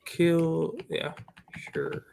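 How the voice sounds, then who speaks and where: A male student in a live online class, reading a passage aloud slowly and with frequent stumbles. His voice is gravelly and pitched slightly above the usual male range, and he takes his time over every word. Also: sing-song, darkish tone. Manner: halting, stumbles and restarts while reading.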